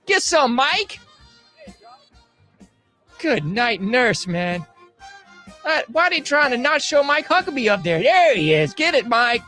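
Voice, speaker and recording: A man's voice: very high voice, sing-song, slow pace, long pauses, bright, forceful tone, faint music behind. A man hosting a podcast, riffing sarcastically on news clips and laughing often. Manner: sarcastic, laughing, drawling slang. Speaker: show host. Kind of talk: casual podcast commentary.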